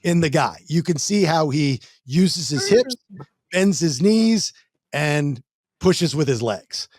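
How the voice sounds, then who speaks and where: Blunt, animated male podcast host. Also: on the high side, takes it slowly, no echo, studio quality. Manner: blunt, animated storytelling with mock voices. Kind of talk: casual chat.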